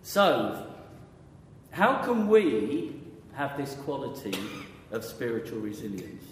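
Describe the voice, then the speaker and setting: A man's voice: medium pitch, very animated, takes it slowly, slight background noise. A man preaching a conversational sermon, often quizzing his audience with questions. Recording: echoey hall with long reverb.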